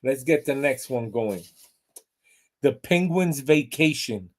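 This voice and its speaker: A man hosting a pet show in an upbeat, loud way and reading animal jokes. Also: mid-range voice, lively intonation, slow pace. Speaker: show host.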